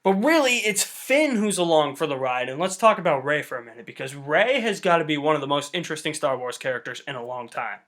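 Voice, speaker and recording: Excitable high-voiced young man reviewing films. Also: quick pace, few pauses. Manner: excited, chatty, swears casually. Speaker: movie reviewer. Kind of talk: casual spoken film review.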